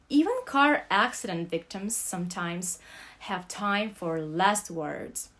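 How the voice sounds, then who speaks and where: Brief: young woman, unhurried dramatic reading of a novel, mid pitch, dynamic from whispers to loud. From Russia. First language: Russian. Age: young adult. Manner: expressive, swings between loud outbursts and soft whispers. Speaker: student reader.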